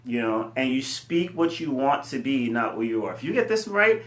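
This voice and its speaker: A man running a fitness company, giving an earnest, animated motivational talk full of fillers. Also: medium pitch, moderate pace. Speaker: fitness company CEO and coach. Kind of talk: casual motivational talk to camera. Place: room with his computer. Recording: echoey room.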